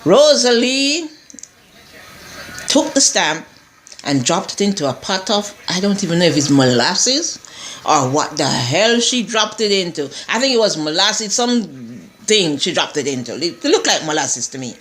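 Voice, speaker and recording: A woman's voice: lowish voice, lively intonation, measured pace, a bit bright. A woman casually recapping a TV episode, rambling and digressive with many restarts and asides. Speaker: TV show reviewer.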